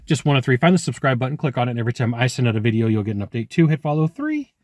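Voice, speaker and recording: A man's voice: medium pitch, sing-song, very fast, dry recording, clean studio sound. A man who works as a sales trainer, giving blunt, conversational coaching advice straight to the viewer. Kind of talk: direct-to-camera coaching talk.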